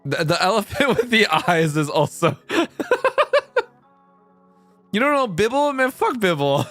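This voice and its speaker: A man's voice: high-pitched, animated, measured pace, fairly bright tone, no echo, faint music behind. A young man streaming casual chat, rambling and swearing a lot, laughing often.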